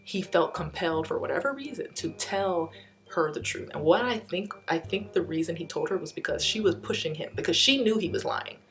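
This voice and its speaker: Low-voiced woman telling a dramatic story. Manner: animated, quickly recounting a dramatic dispute. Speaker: storytime vlogger. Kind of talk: casual storytelling.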